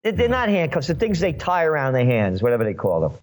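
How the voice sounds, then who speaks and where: A man's voice: a little high, huge pitch swings, quick pace. A man from New York, a guest forecaster in a podcast interview, talking emphatically and sarcastically. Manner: emphatic and sarcastic, mocking voices.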